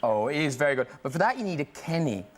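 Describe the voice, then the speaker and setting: A man's voice: a little high, big pitch swings, quick pace. A middle-aged man hosting a chat show, teasing and laughing often as he talks. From Ireland. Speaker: talk show host. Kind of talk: playful chat show banter. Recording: studio audience and noise.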